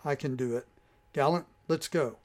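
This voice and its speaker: A man's voice: medium pitch, moderate pace, natural voice. An earnest young hero from a storybook, eager yet unsure of himself, speaks with urgency, as a man reading the story voices him. The voice stays close to the reader's own and is plain and direct.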